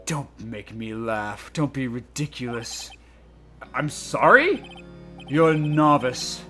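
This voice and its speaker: A man voicing a cold, haughty male rival prosecutor with a low, brooding, scornful drawl. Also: expressive, takes it slowly, bright, forceful tone, soft background music. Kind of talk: comedic let's-play voice acting.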